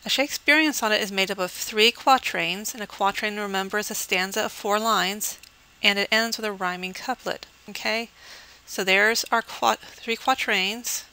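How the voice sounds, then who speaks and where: A woman's voice: medium pitch, pushed and bright, rough recording. A woman English professor giving a recorded poetry lesson, explaining terms step by step and checking in with "okay". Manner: reads the poem slowly and measured.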